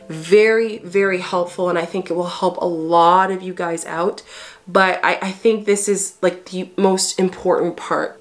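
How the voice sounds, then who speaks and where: Earnest woman giving spiritual advice. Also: medium pitch. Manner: earnest, encouraging, repeats phrases, fillers like "you know". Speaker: spiritual coach and video host. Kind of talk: casual advice vlog to camera.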